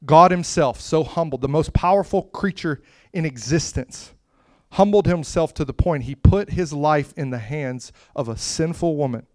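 A man preaching a sermon with impassioned delivery that swells to loud, emphatic peaks and drops to soft, hushed lines. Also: fairly high pitch, moderate pace, no echo, studio quality.

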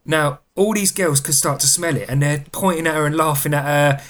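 A man's voice: on the high side, brisk, fairly bright tone. A man telling a funny story as a podcast guest, chatty and laughing, acting out voices. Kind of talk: casual storytelling. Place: studio.

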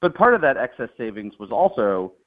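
A man who is an economist guest on a podcast, explaining calmly and in a measured way, heard over a remote line. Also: medium pitch. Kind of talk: interview answers. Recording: tinny phone-like remote line.

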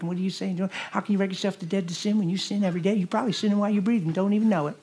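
A man preaching a sermon in a church, animated and jokey, swinging from loud bursts to hushed lines. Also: high-pitched, rapid-fire, few pauses, breathy edge. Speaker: guest preacher.

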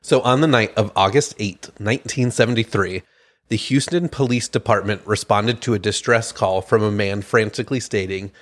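A man's voice: lowish voice, normal speed. A man co-hosting a true crime podcast, reading out a case story with casual asides and stumbling over names. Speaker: podcast co-host.

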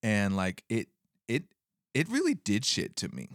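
A man's voice: on the low side, huge pitch swings, measured pace, fairly bright tone, no room sound, clean studio sound. A male comedian chatting casually on a podcast, rambling with many fillers and swearing freely.

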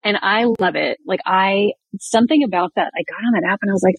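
A woman's voice: mid-range voice, fast, breathy edge. A woman in her fifties from the American Midwest, a veterinarian speaking frankly and laughing easily as a podcast guest. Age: 50s. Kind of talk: casual podcast interview.

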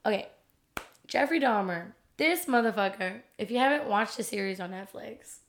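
A woman's voice: medium pitch, animated, moderate pace. A young woman co-hosting a casual podcast, giggling often and saying "like" and "okay" a lot. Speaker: podcast co-host. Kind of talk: casual chat.

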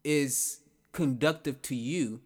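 Speaking slowly at a medium pitch, a man hosts a podcast and thinks aloud in a casual, rambling monologue. He repeats himself and asks rhetorical questions.

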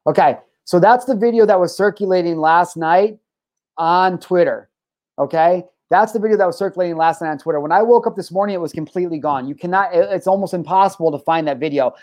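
A man's voice: high voice, quick pace, darkish tone, no echo. A man hosting a podcast, delivering a heated, profane monologue, often repeating himself and restarting his sentences. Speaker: podcast host. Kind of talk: ranting monologue.

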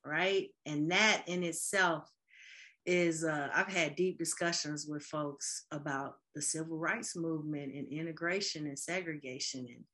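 A woman in casual podcast chat, animated, laughing often and acting out quoted voices. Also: deep voice, measured pace. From Midwest.

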